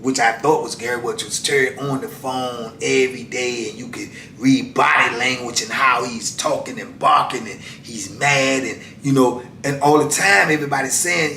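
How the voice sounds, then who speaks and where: Man, fifties, casual storyteller, animated, drawn-out delivery, echoey room, distant mic. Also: medium pitch. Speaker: channel host telling prison stories. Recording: echoey room, voice away from the mic, faint background noise.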